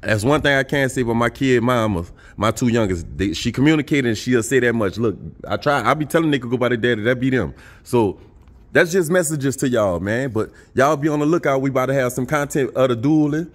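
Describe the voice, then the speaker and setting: A man's voice: medium pitch, brisk. A middle-aged man with a New Orleans accent, talking casually to his viewers in a vlog, repeating himself and giving life advice. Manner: preachy, repetitive, talks straight to viewers. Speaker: vlogger.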